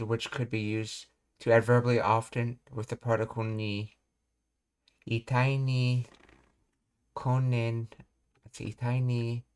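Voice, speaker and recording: A man leads a live language lesson, reading explanations in a measured way and pausing to think out loud as he works out meanings. His voice sits low and stays fairly flat. It comes across smooth and clear. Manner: thinks aloud, pauses to work out meanings. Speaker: language teacher.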